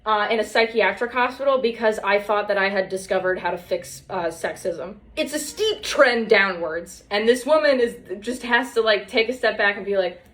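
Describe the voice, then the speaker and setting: A woman's voice: mid-range voice, normal speed, hardly any pauses, fairly bright tone. A young woman telling stories in casual chat, sarcastic and swearing, mocking other people's lines in put-on voices. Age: young adult.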